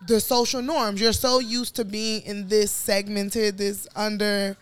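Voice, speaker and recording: A woman's voice: mid-range voice, level tone, a little slow, clean tone. A young adult woman co-hosting a casual pop-culture podcast, frank and opinionated, chatting with plenty of fillers. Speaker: podcast co-host.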